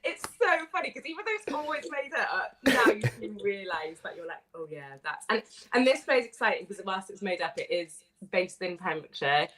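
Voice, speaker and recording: A woman in her thirties from Wales, a playwright chatting on a radio show, telling stories with bubbly, animated quoting. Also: mid-range voice, brisk. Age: 30s. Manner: bubbly, animated storytelling with quoted voices. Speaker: playwright guest. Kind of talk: casual radio interview.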